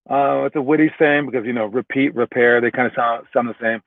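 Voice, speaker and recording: A basketball coach gives a loose, casual lesson from his car, often checking in with "all right?" and joking at his own expense. His voice is medium-pitched, animated, and brisk. The audio is tinny, phone-like, and dry with no room sound.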